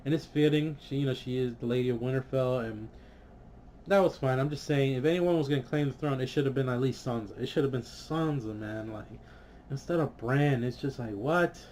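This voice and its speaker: A man's voice: medium pitch, a little fast, slight background noise. A man vlogging a casual, frustrated review, swearing often and filling gaps with "you know" and "like". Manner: frustrated, swears, many fillers, animated.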